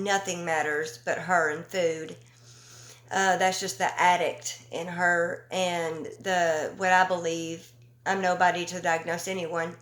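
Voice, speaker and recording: Female commentary YouTuber, unhurried and emphatic, fillers and pauses, roomy echoey recording. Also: fairly low pitch, a bit bright. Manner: slow, emphatic and indignant, with frequent ums and pauses. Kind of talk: casual opinion commentary.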